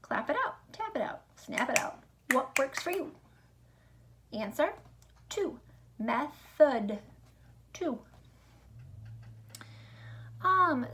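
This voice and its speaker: A woman teaching a remote lesson to young children, upbeat and sing-song, speaking slowly and clearly. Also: high voice, a bit bright, a little hiss or hum. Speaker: elementary school teacher.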